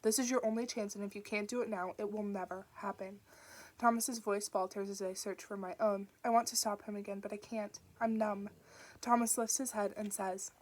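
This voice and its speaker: Woman reading an audiobook flatly. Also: mid-range voice. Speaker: audiobook reader. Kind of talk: audiobook narration.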